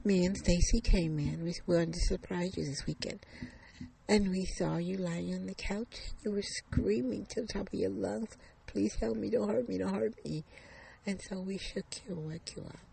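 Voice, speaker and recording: A woman's voice: mid-range voice, moderate pace, creaky, mellow, a little hiss or hum, voice pushed up, rough recording. A woman voicing a grown daughter who soothingly explains things to her mother.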